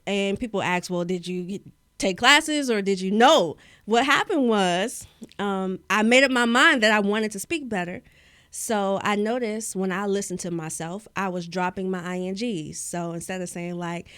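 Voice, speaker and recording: A young woman from Maryland, USA, who works as a public speaking coach, tells her story in a casual interview, her diction careful and articulate. Her voice is medium-pitched, fairly bright, clear and resonant, at a normal speed. The studio-quality recording has no room sound.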